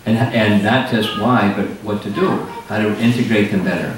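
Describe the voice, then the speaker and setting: A man's voice: on the low side, normal speed, a crowd in the background. An older man, a spiritual teacher, explaining ideas in a thoughtful, patient way during a lecture with audience questions. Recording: roomy hall, distant mic, faint noise.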